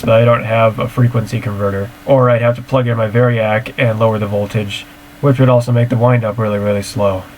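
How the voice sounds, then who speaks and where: A man's voice: mid-range voice, darkish tone, a little hiss or hum. A man casually reacting to a video and answering viewer questions at home in a matter-of-fact, technical, rambling way. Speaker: siren-hobby video creator. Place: home, screen recording.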